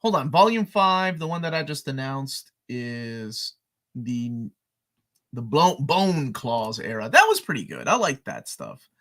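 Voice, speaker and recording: A man's voice: medium pitch, sing-song, a little slow. A man co-hosting a casual live chat, rambling and correcting himself as he goes. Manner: rambling, self-correcting, swings loud and quiet. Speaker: co-host. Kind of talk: casual chat about comics.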